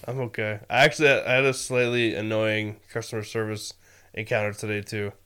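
A man's voice: on the low side, level tone, fairly quick, pushed and bright, smooth. A young man co-hosting a podcast, chatting in an easygoing way and laughing along. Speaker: podcast co-host. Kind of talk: casual podcast chat.

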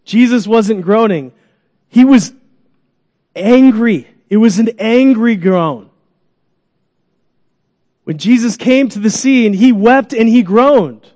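A man preaching a sermon to a congregation in a church, animated, acting out groans and cries, coaxing children up for an illustration. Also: sits high, slow, pauses often, big-room sound. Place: church sanctuary.

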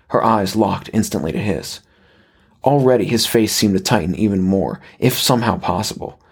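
Husky low-voiced male horror narrator. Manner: slow, measured storytelling.

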